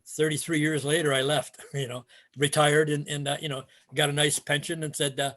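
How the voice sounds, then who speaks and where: An older Canadian man, a retired martial arts instructor, tells stories in a casual interview, rambling with many fillers and restarts. His voice is on the high side and fairly bright, with little pitch movement, and he talks a little fast.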